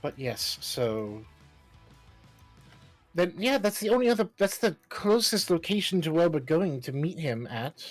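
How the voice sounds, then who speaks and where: A player at a tabletop game who answers quickly and laughs often. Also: mid-range voice, big pitch swings, soft background music. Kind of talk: playing a tabletop game on a live stream.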